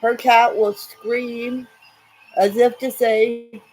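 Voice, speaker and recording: Slow, rambling woman. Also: fairly high pitch, level tone, a little mellow. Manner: rambling, chatty, laughs often. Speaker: livestream host. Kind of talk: casual live chat with viewers.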